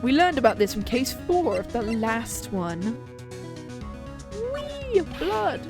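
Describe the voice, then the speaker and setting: A young woman streaming a game, reading its dialogue aloud and chatting with quick reactions. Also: fairly high pitch, sing-song, music in the background.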